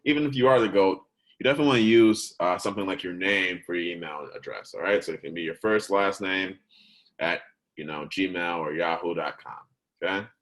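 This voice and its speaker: This deep-voiced man speaks a little fast, with a slightly bright tone, in a recorded lesson of low audio quality. He teaches conversationally, regularly pausing to ask "right?" or "okay?", and occasionally fixes himself partway through a word.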